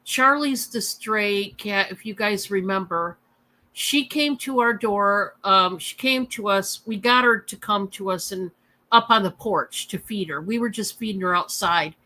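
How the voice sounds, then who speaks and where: A woman's voice: medium pitch, unhurried, sharp tone, rough recording. A woman hosting her own livestream at home, telling a personal story in a rambling, heartfelt way with lots of fillers and restarts. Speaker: channel host.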